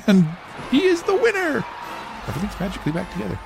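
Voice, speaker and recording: A man's voice: high-pitched, vocal fry, music in the background. A man hosting a podcast, animatedly retelling a cartoon episode to his child and laughing often. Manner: animated, laughs often, quick voice swings for quoted characters. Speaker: podcast host.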